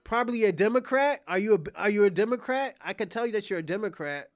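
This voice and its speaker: Talking fast with lively intonation in a high voice, a man hosting a livestream mocks and provokes his chat in a profane rant where he repeats himself and restarts phrases. The recording is dry and studio quality, with faint music behind.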